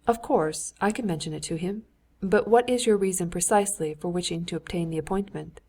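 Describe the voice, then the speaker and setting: Pedantic older statesman, read by a woman, audiobook, measured and lecturing. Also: lowish voice, dark tone. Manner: deliberate, lecturing.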